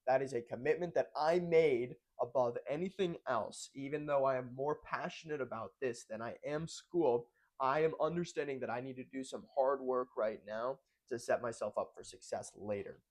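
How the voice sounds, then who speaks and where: A man's voice: medium pitch, normal speed, hardly any pauses. A young man talking through a casual check-in on his own, rambling and correcting himself as he goes. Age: young adult. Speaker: vlogger.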